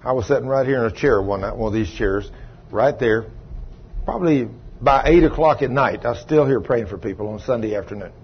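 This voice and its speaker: A man, a pastor preaching a sermon, telling a story in a low voice and then rising loud and emphatic. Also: fairly quick, slightly rough, highs cut off. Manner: swings from low quiet telling to loud raised retelling. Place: church sanctuary.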